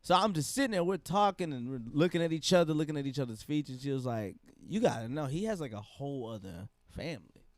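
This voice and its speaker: A man's voice: quick pace, hardly any pauses, no echo. A man co-hosting a comedy podcast, telling a rambling story with bursts of laughter and a trailing, mumbled delivery. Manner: animated storyteller, swings between low mumbling and loud laughing outbursts. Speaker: podcast co-host.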